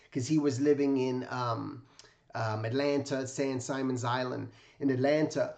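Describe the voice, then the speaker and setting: A man's voice: mid-range voice, steady tone, measured pace, vocal fry, darkish tone. A man who hosts an art channel, telling a personal story in a casual, enthusiastic and rambling way. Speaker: illustration teacher and host.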